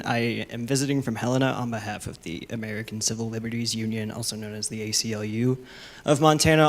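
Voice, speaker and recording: Gravelly man giving formal testimony. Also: on the low side. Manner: composed and formal. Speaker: advocacy group representative.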